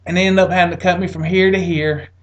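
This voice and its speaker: A man's voice: flat delivery, quick pace, lo-fi sound. A veteran man casually telling a personal story, exasperated, acting out what people said to him. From Atlanta area, United States. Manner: exasperated, acts out quotes with rising pitch.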